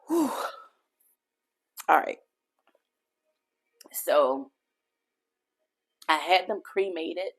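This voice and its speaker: A woman's voice: lowish voice, lively intonation, very slow, pauses often, husky. A woman podcast host telling a personal faith testimony in an earnest, heartfelt way, speaking directly to her listeners.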